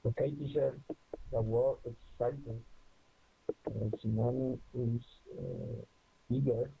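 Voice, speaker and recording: Gravelly, very husky man on a call. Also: medium pitch, sing-song. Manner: slow and hesitant. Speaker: student in an online English class. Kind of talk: answering in class. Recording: tinny phone-like call audio.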